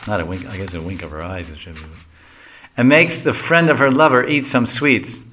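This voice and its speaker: A man reading a devotional story aloud with a bright, clear voice. He breaks off now and then for casual explaining asides. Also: lowish voice, fairly even intonation, a little fast. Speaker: reader.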